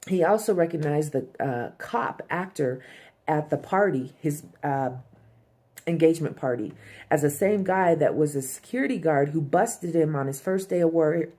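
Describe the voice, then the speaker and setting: A woman's voice: low voice, lively intonation, moderate pace, dark tone. A woman giving a casual, profane recap of a TV episode, full of "um" and "like". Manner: loose and profane, heavy "um" and "like".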